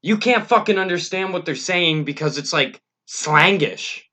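A man's voice: sits high, fairly quick, bright, forceful tone. A man co-hosting a casual podcast, grumbling sardonically with heavy swearing. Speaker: podcast co-host. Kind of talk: casual profane chat.

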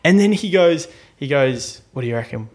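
A man's voice: fairly high pitch, moderate pace. A young Australian man co-hosting a podcast, telling a story in casual chat and acting out what people said. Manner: animated storyteller acting out quotes. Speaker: podcast co-host.

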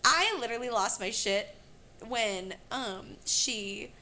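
Taking her time in a fairly high voice, a young podcast co-host chats casually. Her talk is animated and meandering, packed with filler words.

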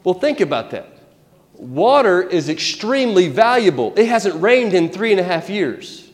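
A man preaching a sermon, retelling a Bible story in an animated, conversational way with asides. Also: high voice, normal speed, big-room sound.

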